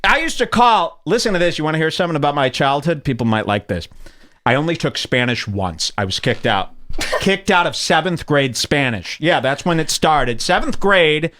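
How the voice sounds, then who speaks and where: Bright, animated male podcast host. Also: on the high side, normal speed. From United States. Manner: animated, swearing, mimics clips. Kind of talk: casual comedic chat.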